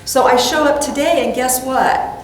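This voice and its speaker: A middle-aged woman gives a sermon in a storytelling way, acting out her own inner voice and laughing now and then. Her voice sits a bit high. She is recorded from a distance in a large, echoing hall. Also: moderate pace, slight background noise. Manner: warm storytelling with playful acted-out self-talk and laughter. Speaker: minister. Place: church hall. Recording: echoey hall from far off.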